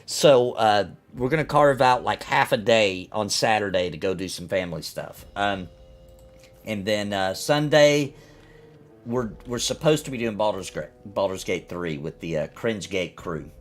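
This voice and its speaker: A man's voice: on the low side, expressive, a little slow. Rambling man streaming a game. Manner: rambling, ranting, reacting to chat. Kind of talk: casual live-stream chat.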